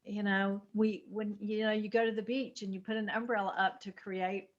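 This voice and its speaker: A woman co-hosting a spiritual talk show, chatty, with quick asides, laughter and many "I mean"s. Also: medium pitch, flat delivery, dull audio. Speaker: podcast co-host. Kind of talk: spiritual conversation.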